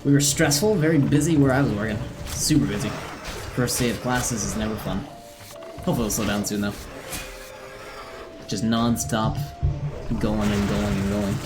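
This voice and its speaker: A streamer giving casual live gameplay commentary, chatting with teammates and greeting viewers while playing. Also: medium pitch.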